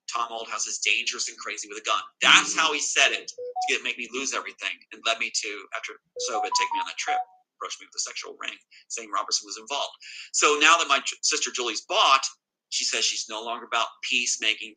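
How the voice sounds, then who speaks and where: Husky-voiced man, very bright and emphatic. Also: on the low side, brisk, poor audio. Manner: agitated, emphatic, repeats himself. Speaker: interview guest. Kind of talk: emotional personal account.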